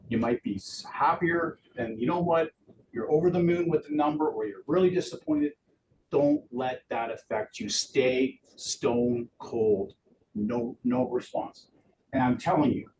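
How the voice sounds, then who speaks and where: A middle-aged man giving a lively live training talk to realtors in an office, acting out quotes in voices. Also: medium pitch. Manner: animated, acts out quotes in voices. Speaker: real estate trainer. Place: office meeting room. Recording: distant room mic with background noise.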